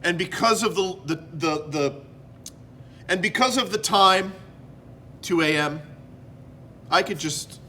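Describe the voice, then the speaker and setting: Canadian male vlog host, high bright voice, rambling and chatty. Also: slow, long pauses, slight background noise. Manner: rambling, self-interrupting, chatty. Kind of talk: casual collectibles show-and-tell.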